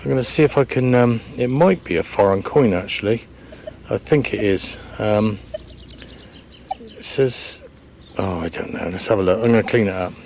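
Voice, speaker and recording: A man's voice: lowish voice, normal speed, vocal fry, a little hiss or hum. Chatty man thinking aloud outdoors. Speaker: metal detecting vlogger. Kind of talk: casual commentary to camera. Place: open farm field outdoors.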